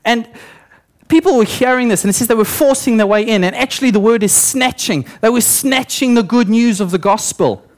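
A man's voice: very high voice, fairly quick. A young male preacher giving a sermon in church, telling stories with acted-out quotes and voices.

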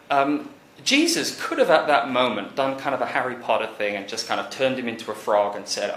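Animated male preacher in echoey hall. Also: mid-range voice, fast talker, few pauses. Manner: animated, rising to emphatic peaks then dropping quiet. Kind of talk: conversational sermon. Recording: echoey church hall recording.

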